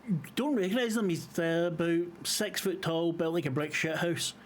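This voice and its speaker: Acting as game master for a tabletop horror game, a man describes scenes hesitantly, filling his speech with ums and uhs. His voice is fairly high and moves at a normal pace, with a faint hiss or hum in the background.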